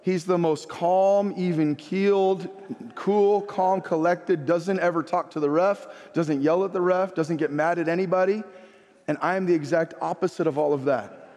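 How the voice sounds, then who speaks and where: Male pastor, high-pitched, impassioned sermon delivery, church hall reverb. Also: fairly even intonation, moderate pace, a little mellow. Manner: impassioned, rising to high emphatic preaching.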